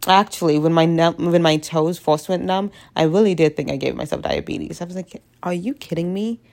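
A woman's voice: sits low, fairly even intonation, a little fast, creaky, darkish tone. A young woman with a stuffy head cold chatting casually in a rambling, self-deprecating, jokey way. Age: young adult. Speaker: vlogger. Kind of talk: casual confessional chat.

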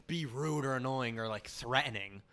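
A man's voice: mid-range voice, fairly bright tone. A young man co-hosting a podcast, teasing his friend and joking in casual chat. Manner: teasing, laughs often, quick reactions. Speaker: podcast co-host.

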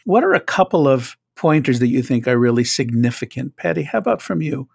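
A man interviewing guests in a measured, deferential way. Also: medium pitch, very animated, creaky, darkish tone, husky, dry recording, studio quality. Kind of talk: conversational interview.

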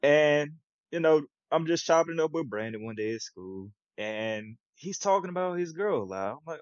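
Young guy on a podcast telling a wild story, slangy, jumps way up in pitch for quotes, dull dry lo-fi sound. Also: lively intonation, normal speed, smooth, dry recording. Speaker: podcast co-host. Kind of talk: casual storytelling chat.

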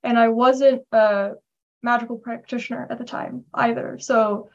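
A woman's voice: on the high side, normal speed, vocal fry, muffled recording. A woman in her late twenties, a podcast guest chatting casually over a video call, giggly and playful. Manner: giggly, animated, playful asides.

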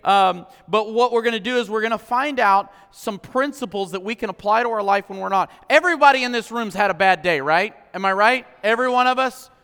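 A man preaching a sermon as pastor, impassioned, swinging from loud declarations to hushed, personal moments. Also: high voice, brisk, hardly any pauses, smooth. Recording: long hall reverb.

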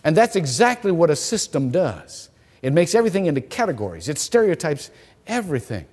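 A male pastor preaching a sermon, telling stories in an animated way with frequent repeated words. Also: fairly high pitch, fairly quick, husky. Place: church hall. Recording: long reverb of a church hall.

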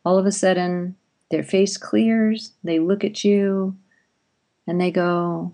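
A woman's voice: mid-range voice, steady tone, unhurried, mellow. A woman, a parenting expert guest, explaining and telling stories in conversation, acting out parent and child lines. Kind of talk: conversational interview.

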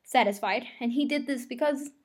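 A woman's voice: high-pitched, moderate pace. A woman doing a stern, exacting male teacher. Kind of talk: storybook read-aloud.

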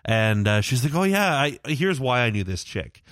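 A man's voice: mid-range voice, sing-song, moderate pace, a bit bright, no room sound, studio quality. A young man telling long rambling stories on a podcast, swearing often and filling his talk with "like" and "uh". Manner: rambling, profane, many fillers. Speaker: podcast co-host. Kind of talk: casual storytelling chat.

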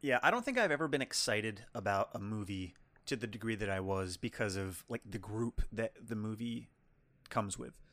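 A man's voice: on the low side, lively intonation, normal speed, fairly bright tone, dry recording. Rambling man reviewing a film, dry mic. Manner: rambling, restarts sentences. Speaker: podcast co-host. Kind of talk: casual film review chat.

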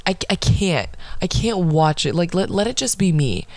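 A young woman in her early twenties hosting a podcast, ranting in casual chat with a sarcastic, profane and animated manner. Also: on the low side, moderate pace, dry recording. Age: early 20s. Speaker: podcast host.

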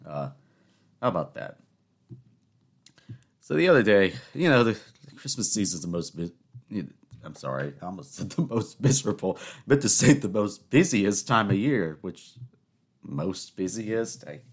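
A man's voice: fairly low pitch, big pitch swings, a little fast, slightly rough. A man in his twenties hosting a solo podcast, rambling and self-mocking, rising into exasperated rants. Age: 20s. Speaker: podcast host. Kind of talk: casual solo podcast monologue.

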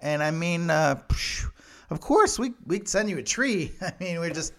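Dude putting on chill offhand norwegian guys, gravelly, bouncy pitch. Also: male voice, expressive, measured pace, fairly bright tone, heavily acted. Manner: casual, offhand and hesitant. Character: laid-back casual Norwegians personified as a nation.

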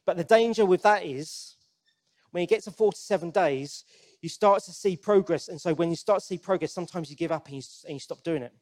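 His voice sits high with a darkish tone and moves a little fast as he preaches. The sermon is earnest and conversational, with many restarted sentences and direct questions aimed at the congregation.

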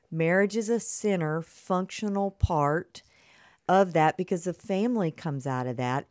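Slow-talking woman co-host. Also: fairly low pitch, darkish tone, no echo, studio quality. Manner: earnest, explanatory, builds long linked sentences. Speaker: podcast co-host on marriage ministry. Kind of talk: casual conversational podcast.

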